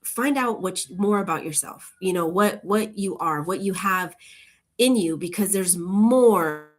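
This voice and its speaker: A woman chatting casually with her viewers, rambling from one thought to the next in a relaxed, upbeat way. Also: on the low side, a little slow. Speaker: channel host.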